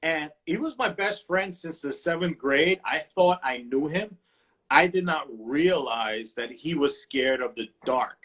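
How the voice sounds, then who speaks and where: Husky, animated storytelling man. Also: a little high, measured pace. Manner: animated, profane storyteller acting out quotes. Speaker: host. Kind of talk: casual storytelling chat. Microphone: livestream phone mic.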